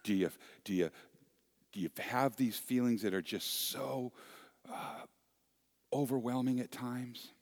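Preaching a sermon, this pastor is earnest and repeats himself, shifting from hushed near-whispers to loud, emphatic moments. He speaks unhurriedly in a medium-pitched voice, leaving long pauses.

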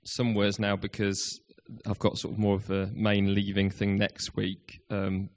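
A man's voice: on the low side, completely flat delivery, unhurried. A man in his thirties, a youth worker, giving a hesitant, self-deprecating farewell speech in church with many ums.

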